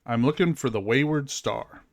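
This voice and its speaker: A man's voice: mid-range voice, moderate pace, dry recording. A man streaming a video game, chatting casually with fillers and reading the game's text aloud. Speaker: gaming streamer. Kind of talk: casual let's-play commentary.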